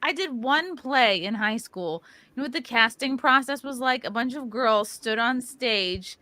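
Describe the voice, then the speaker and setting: Speaking a little slowly in a slightly high voice, this thirtysomething woman hosts a podcast. She chats casually, reads viewers' comments aloud and tells animated stories with plenty of playful laughter.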